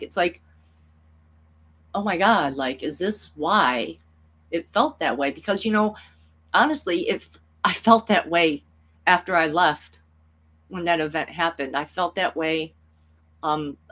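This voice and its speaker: Her voice sits on the low side with a bit of brightness. A tarot reader, she talks through a personal story in a reflective vlog, sincere and emotional, her meandering talk studded with "like" and "you know."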